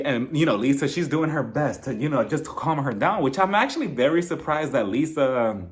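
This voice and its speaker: Casting note: male reality TV recap host, gossipy and animated, mid pitch, laughs often, jumps into voices for quotes. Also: fairly quick, few pauses. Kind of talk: casual recap commentary.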